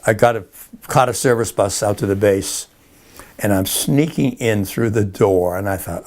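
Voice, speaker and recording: Older guy rambling thru his army days, chuckles a lot, lowish voice. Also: a little slow. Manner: rambling, chuckling storyteller with many restarts. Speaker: interviewee. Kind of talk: oral history interview.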